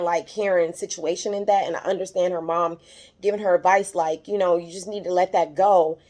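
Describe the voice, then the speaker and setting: A young woman hosts a casual YouTube TV recap, her fairly low, somewhat mellow voice walking through scenes with lots of fillers and quoted lines. When she's moved, she gets emotional and her voice goes up.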